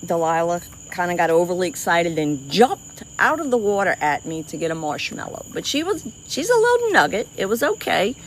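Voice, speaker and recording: A woman's voice: fairly low pitch, lively intonation, moderate pace, a little hiss or hum. Cajun woman chatting on a swamp livestream. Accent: Cajun, South Louisiana. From South Louisiana. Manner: chatty, lots of restarts and y'all, laughs easily. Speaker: livestream host. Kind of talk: casual livestream chat with viewers. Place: outdoors by a swamp river at night.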